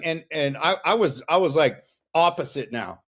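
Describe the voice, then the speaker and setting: A man's voice: on the high side, lively intonation, normal speed, a bit bright. Blunt, profane man telling his story. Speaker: podcast guest. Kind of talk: casual interview chat.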